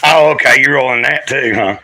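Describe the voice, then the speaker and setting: A man's voice: medium pitch, fairly quick, bright, forceful tone, rough recording. A man chatting casually on a livestream, rambling through his day and talking straight to his viewers.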